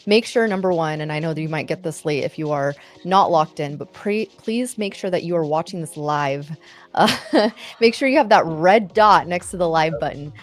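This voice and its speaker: A woman's voice: low-pitched, normal speed. A woman co-hosting a live trading stream, chatting casually with lots of fillers and frequent giggles. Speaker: co-host.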